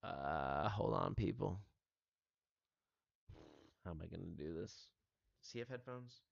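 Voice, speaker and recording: Laid-back man hosting a stream, low voice. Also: expressive, a little slow, vocal fry, dry recording, muffled recording. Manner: laid-back, laughs often, talks to chat. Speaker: livestream host. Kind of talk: casual gaming livestream chat. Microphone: headset.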